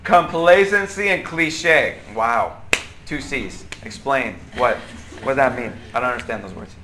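A young adult man leading a church group discussion, conversational and animated, often asking questions. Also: mid-range voice, normal speed, background noise. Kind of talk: interactive church teaching.

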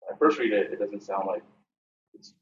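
Man in a Bible study group, low voice, hesitant, lots of "like", dull distant recording, faint noise. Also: lively intonation, a little fast, echoey room. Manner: hesitant, many fillers, thinks aloud.

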